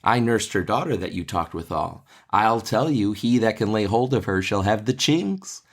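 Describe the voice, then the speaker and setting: A chatty older nurse from a stage play, read by a man. The lines come plainly in an ordinary voice, lifted a little brighter than his usual talk. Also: fairly low pitch, lively intonation, moderate pace.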